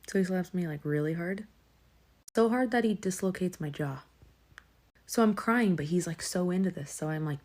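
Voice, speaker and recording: A woman's voice: mid-range voice, a little fast, darkish tone. A woman telling a personal story in a candid, rambling way, full of fillers and laughs. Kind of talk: storytime monologue.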